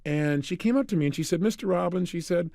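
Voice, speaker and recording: A man giving a motivational talk, telling energetic stories and acting out the dialogue. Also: on the high side, quick pace, dry recording. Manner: energetic, storytelling, acts out dialogue. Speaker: motivational speaker.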